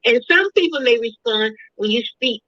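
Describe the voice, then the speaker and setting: High sharp-sounding lady guest, lectures w examples, dry muffled sound. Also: expressive, moderate pace, no room sound. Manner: preachy, explains with examples, rising emotion. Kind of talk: talk show conversation.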